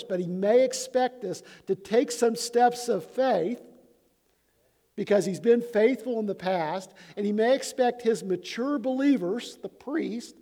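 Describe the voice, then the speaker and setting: A man's voice: high voice, mellow. A man in his fifties preaching a conversational sermon as pastor, often restarting and repeating words. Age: 50s. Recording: long hall reverb.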